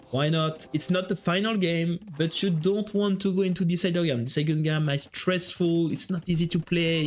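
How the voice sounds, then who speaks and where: A man giving live esports commentary, excitable and joking as he jumps between calling the play and chatting with viewers. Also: fairly high pitch, a little hiss or hum. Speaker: esports caster.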